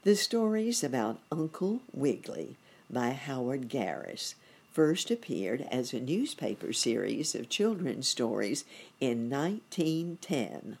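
A woman reading a children's bedtime story aloud in a gentle, expressive way. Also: a bass voice, slow pace, slightly rough.

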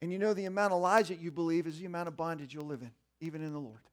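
A man preaching a sermon in an animated way, acting out the voices of the people he quotes. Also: on the high side, rapid-fire. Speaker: pastor.

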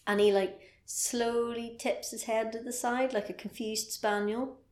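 The speaker is a woman co-hosting a podcast whose voice is on the high side and steady in tone. She talks a little slowly in a roomy space while animatedly and casually recounting a horror film, complete with playful sound effects.

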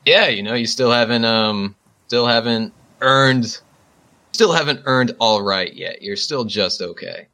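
A man's voice: medium pitch, unhurried, pushed and bright, voice pushed up. A man voicing a cocky, grinning male teacher who teases his student in a smug way. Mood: teasing. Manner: teasing, smug.

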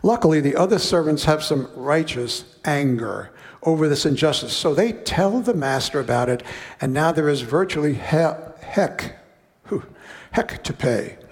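A man's voice: on the high side, lively intonation, normal speed, big-room sound. A man preaching a sermon, reading a parable aloud and breaking off for conversational, wry asides.

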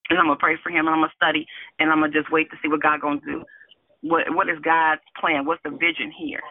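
A woman's voice: low voice, level tone, fast talker, no echo. A middle-aged woman calling in to a prayer line, giving an earnest, breathless testimony with laughter between phrases. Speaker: caller sharing testimony. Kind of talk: emotional testimony on a prayer call. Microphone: phone. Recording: tinny, dry phone line.

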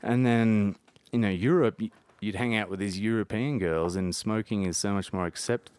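Australian man, chatty and animated. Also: fairly low pitch, moderate pace, clean tone, dry recording. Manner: rambling, animated storyteller. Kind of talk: casual chat.

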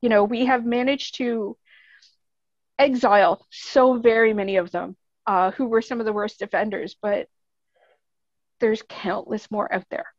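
A woman's voice: mid-range voice, fairly even intonation, measured pace, dry recording, dull audio. A woman with a Canadian accent, speaking as a podcast guest in casual, earnest, rambling chat, laughing often.

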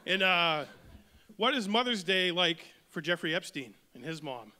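A man doing stand-up comedy banter, joking and putting on quick voices for punchlines. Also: high-pitched, lively intonation, pushed and bright.

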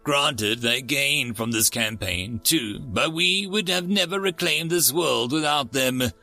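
A man's voice: mid-range voice, takes it slowly, pushed and bright, soft background music, exaggerated voice. A man voicing a young, blunt male bat-like soldier who is openly skeptical, in a storybook reading. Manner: blunt, incredulous.

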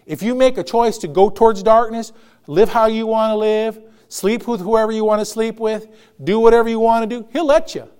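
A man's voice: sits high, a little fast, darkish tone, smooth. A male pastor preaching a conversational sermon, laughing often and acting out quotes.

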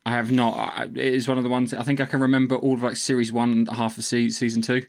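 A man's voice: medium pitch, level tone, fast, creaky, a little mellow. A man co-hosting a podcast, talking casually and hesitantly with many repeated words and ums. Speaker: podcast co-host. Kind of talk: casual chat.

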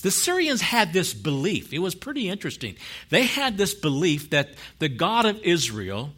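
A man preaching a sermon who tells stories, laughs often, and swings from low and soft to loud and high. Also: sing-song, normal speed. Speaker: pastor.

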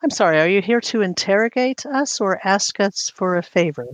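Game master playing a proud island queen, guarded and curt, who answers questions with questions. The voice sits in a middle pitch. It is recorded very dry and close. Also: measured pace, no echo, close to an everyday voice. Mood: haughty, guarded. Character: haughty evasive woman ruler of an island city.

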